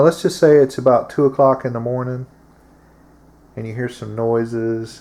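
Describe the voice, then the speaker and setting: A man's voice: medium pitch, darkish tone. A man hosting his own show, talking casually in a plain-spoken, drawling way with frequent fillers. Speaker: host. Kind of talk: casual monologue to camera.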